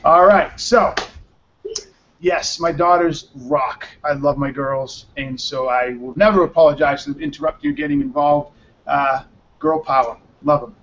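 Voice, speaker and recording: A man's voice: a little high, measured pace, a bit bright, slight background noise. A man hosting a casual live web show. He is tired and talks in a loose, rambling, profane way. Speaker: show host. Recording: dull lo-fi stream audio.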